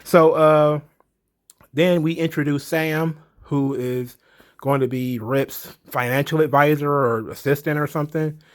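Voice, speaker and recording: A man's voice: on the high side, fairly even intonation, unhurried. A man giving a casual, blunt movie review, rambling and swearing freely.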